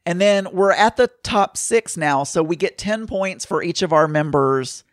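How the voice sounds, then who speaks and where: A man's voice: high voice, animated, a little slow, no room sound, clean studio sound. A man co-hosting a casual podcast, chatting and explaining game points step by step. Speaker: podcast co-host. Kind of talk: casual chat about a reality show fantasy game.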